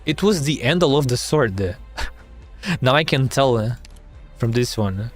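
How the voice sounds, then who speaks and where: Slow-reading man streaming a story game. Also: medium pitch, expressive, faint music behind. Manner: slow reading with startled, swearing asides.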